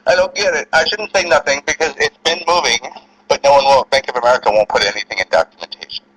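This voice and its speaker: A man's voice: medium pitch, fast talker, a bit bright. A man from New Jersey with a Southern US accent, pleading and indignant as he talks on a phone call. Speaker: caller.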